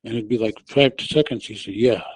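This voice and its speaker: A man's voice: on the low side, fairly quick, breathy edge, no room sound, rough recording. Man telling a gripping personal story. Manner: restarts often, raises his voice when retelling his shouts. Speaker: interview guest telling his testimony. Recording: audio only.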